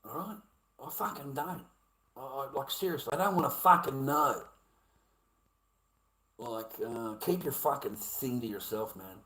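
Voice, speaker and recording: A man's voice: mid-range voice, unhurried, long pauses, bright, forceful tone. A middle-aged man with an Australian accent ranting bluntly at his live chat, swearing heavily and repeating himself. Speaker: livestreamer.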